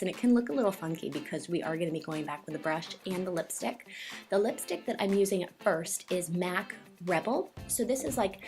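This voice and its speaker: A woman's voice: mid-range voice, a little mellow. Chatty, slightly breathless woman vlogger. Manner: chatty, quick, filler-heavy. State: a little out of breath. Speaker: makeup vlogger. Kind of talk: casual makeup tutorial voice-over.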